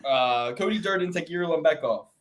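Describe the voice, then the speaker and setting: A young man co-hosting a podcast, animated and joking, swearing freely while making fight picks. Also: fairly high pitch, moderate pace, slight background noise. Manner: animated, joking, swears, does mock voices. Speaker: podcast co-host. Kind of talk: casual chat, fight picks.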